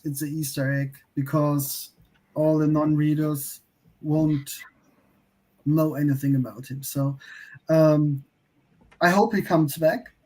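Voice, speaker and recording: A man from Germany chats casually on a fan livestream, pitched a little high and taking his time. He talks in an animated way and repeats his points for emphasis. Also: rough recording. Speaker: co-host.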